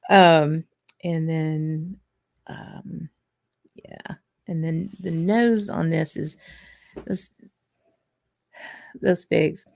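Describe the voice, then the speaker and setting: Southern lady chatting on a live stream, low voice with lots of vocal fry, takes her time. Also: steady tone, a little mellow. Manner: unhurried, thinking aloud, frequent small laughs. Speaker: whisky channel host. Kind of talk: casual live-stream tasting chat.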